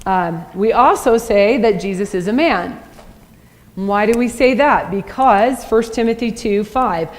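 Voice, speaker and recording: A woman's voice: mid-range voice, expressive, moderate pace. Casting: woman lecturer at a church, chatty, keeps asking "right?", long hall echo. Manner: conversational, asks the audience with "right?". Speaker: Christian apologetics teacher. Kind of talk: church teaching talk.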